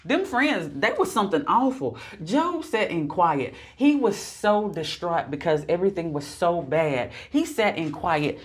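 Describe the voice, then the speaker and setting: Low-pitched woman preaching in a chat. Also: sing-song, a little slow, hardly any pauses. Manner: repetitive, emphatic, preacher-like cadence. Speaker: podcast co-host. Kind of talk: preaching-style faith chat.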